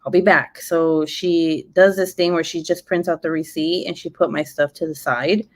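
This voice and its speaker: Profane, laughing young mom storyteller. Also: female voice, deep voice, fairly even intonation, normal speed. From Mexican heritage. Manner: blunt, profane and laughing often. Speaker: vlogger. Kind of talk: casual storytelling live stream.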